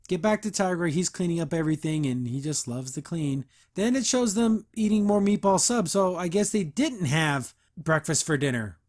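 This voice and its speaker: A male podcast host giving a casual recap of a cartoon episode, breaking in with mocking, disbelieving asides. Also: fairly high pitch. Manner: mocking, incredulous asides with chuckles.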